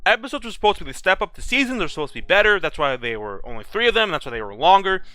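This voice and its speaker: In this casual gaming vlog, the young male creator's voice sits high and sounds sharp, very animated and racing, recorded dry. He swears constantly, starting sentences over as he fumes about the game.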